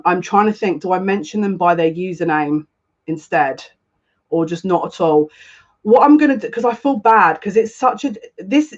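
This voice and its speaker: A woman hosting a casual live stream as a psychic tarot reader, greeting viewers by name, effusive and on the verge of tears. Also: lowish voice. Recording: slightly dull lo-fi sound.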